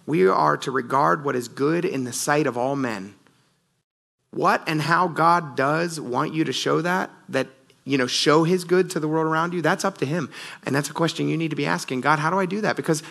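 Bright-voiced man preaching a sermon. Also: a little high, vocal fry. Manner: earnest storytelling, often says "you guys". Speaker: pastor.

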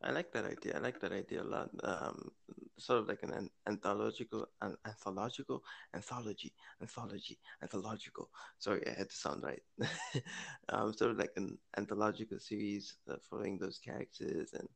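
A man's voice: on the low side, brisk, vocal fry. A man co-hosting a casual podcast chat, musing aloud, correcting himself and laughing easily. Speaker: podcast co-host.

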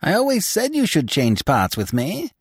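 A man's voice: fairly high pitch, wildly swooping pitch, moderate pace, husky, no echo, studio quality, pitched above the performer's own voice, exaggerated voice. A man voicing a teasing, jeering male clown actor. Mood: mocking.

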